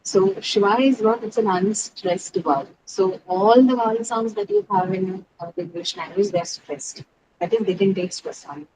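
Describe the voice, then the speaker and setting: Woman English teacher, online class; methodical, question-and-answer delivery, repeats key words, steady hiss behind. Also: mid-range voice, moderate pace. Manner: explains step by step, asks questions then answers them. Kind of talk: online pronunciation lesson. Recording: steady background noise.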